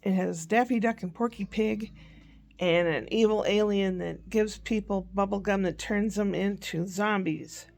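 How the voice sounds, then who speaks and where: A woman's voice: mid-range voice, a little slow, gravelly, darkish tone. An older woman chatting casually in a rambling diary-style vlog, often correcting herself mid-sentence. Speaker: vlogger.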